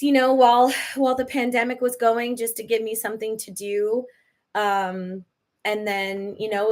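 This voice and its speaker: A woman's voice: a little high, bright, forceful tone. A woman hosting a live podcast Q&A, chatty and emotional, laughing often as she talks. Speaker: podcast host. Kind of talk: live Q&A chat.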